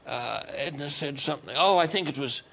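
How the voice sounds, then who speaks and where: A man's voice: fairly high pitch, vocal fry, sharp tone. An older Australian man telling wry stories as a guest on a chat show. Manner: wry, unhurried storytelling. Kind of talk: anecdotal chat show talk. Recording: noisy television studio.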